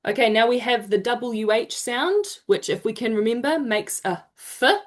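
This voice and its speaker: A woman's voice: on the high side, animated. A woman presenting an online pronunciation lesson, encouraging her group and stretching out example sounds. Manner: encouraging, drawn-out demonstration sounds. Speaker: te reo Māori workshop presenter. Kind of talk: online teaching session. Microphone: video call.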